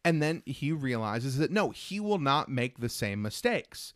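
A man's voice: mid-range voice, sing-song, a little slow, no echo, studio quality. A young man chatting as a podcast co-host, enthusiastic and acting out quoted lines. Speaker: podcast co-host discussing films. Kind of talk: casual chat.

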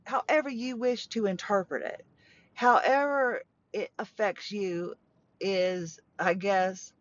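A woman's voice: mid-range voice, slow pace. A middle-aged woman talking casually from inside a parked truck, rambling with restarts and small laughs. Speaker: podcast host. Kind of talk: casual monologue. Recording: dull lo-fi sound.

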